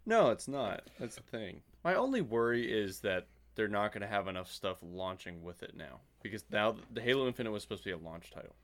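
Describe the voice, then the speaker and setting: A man's voice: fairly low pitch, sing-song, a little fast, hardly any pauses, a bit bright. A man co-hosting a casual podcast, chatty and joking as he weighs in on news. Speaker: podcast co-host. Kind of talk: casual chat.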